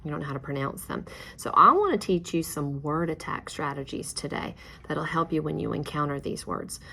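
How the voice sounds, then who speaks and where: Low-voiced woman teaching a reading lesson. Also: expressive, a little fast, vocal fry, bright, forceful tone. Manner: encouraging, patient, praises answers. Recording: faint background noise.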